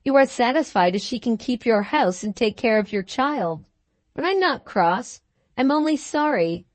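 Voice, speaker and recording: A woman voicing a meek, nervous young wife in a storybook, soft and hesitant. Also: a little high, expressive, moderate pace, dry recording, natural voice. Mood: plaintive. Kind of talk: storybook dialogue.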